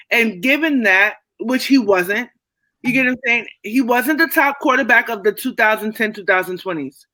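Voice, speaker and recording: A woman's voice: fairly high pitch, bright, forceful tone, no room sound. A woman co-hosting a sports podcast, arguing her picks assertively and holding the floor in casual debate. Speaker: podcast co-host.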